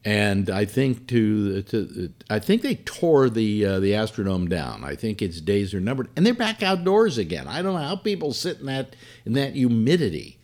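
A man's voice: on the low side, big pitch swings, normal speed, a little mellow. An older man, a former radio personality, telling rambling stories about his career in a casual monologue with lots of fillers and colorful asides. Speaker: former radio host reminiscing.

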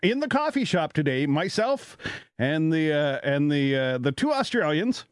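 Rambling, animated Canadian man host. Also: a little high, normal speed, clear, resonant tone, no echo, studio quality. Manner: rambling, animated, laughs often, many fillers. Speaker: radio talk show host. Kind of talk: casual storytelling chat.

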